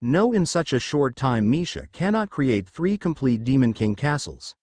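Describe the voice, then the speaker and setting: A man's voice: mid-range voice, sing-song, moderate pace, darkish tone, no room sound. A man voicing a tense young woman army commander who barks orders and snaps back with retorts.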